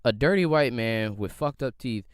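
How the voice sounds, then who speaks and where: A man's voice: mid-range voice, animated, moderate pace, smooth, no echo, clean studio sound. Profane rambling Philly podcast guy. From Philadelphia area. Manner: loose, profane, rambling, rhetorical questions. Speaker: podcast host. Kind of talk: solo podcast rant.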